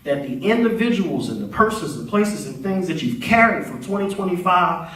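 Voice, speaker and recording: A man's voice: sits high, expressive, normal speed, a bit bright, far from the mic. A man minister giving a talkative, playful sermon, leading the congregation in call-and-response. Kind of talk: conversational sermon. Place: church sanctuary. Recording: echoey sanctuary, voice heard from afar.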